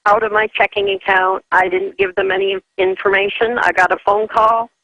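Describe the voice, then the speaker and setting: A woman's voice: mid-range voice, level tone, normal speed, a bit bright, no echo. A woman calling in to a radio show over the phone, talking hesitantly with fillers. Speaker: caller. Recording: dull phone line.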